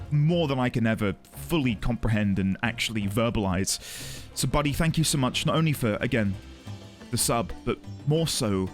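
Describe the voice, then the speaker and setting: A man streaming live, chatting earnestly and emotionally with his audience and greeting viewers by name. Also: medium pitch. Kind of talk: casual chat with a live audience.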